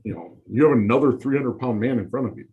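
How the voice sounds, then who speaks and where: A man's voice: mid-range voice, lively intonation, fast, narrow, tinny audio. A man, a college football line coach, chatting easygoing as a podcast guest, often with short agreeing replies. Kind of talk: casual chat.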